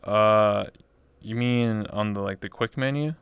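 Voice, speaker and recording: Rambling male streamer host, smooth dry voice. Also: fairly low pitch, a little slow, a bit bright, no echo. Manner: rambling, lots of fillers and restarts. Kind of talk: casual chat.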